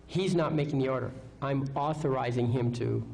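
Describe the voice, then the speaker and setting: A man's voice: medium pitch, moderate pace, vocal fry, a little mellow, poor audio. A man giving a live seminar lecture, confident, asking rhetorical questions and checking in with "okay?". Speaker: seminar speaker.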